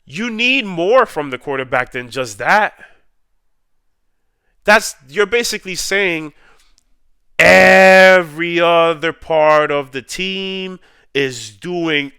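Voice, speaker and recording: A man's voice: fairly high pitch, pushed and bright, clean tone, no echo, clean studio sound. A man delivering an emotional, heated fan rant about his football team, repeating points for emphasis. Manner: heated, repetitive, drawn-out emphasis. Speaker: sports YouTuber ranting.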